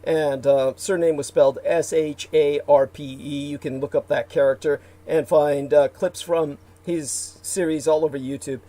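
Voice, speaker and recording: A man's voice: fairly high pitch, fairly even intonation, moderate pace, hardly any pauses, warm tone. A man hosting a casual livestream, rambling with many fillers and restarts and reading out viewer comments. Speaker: livestream host.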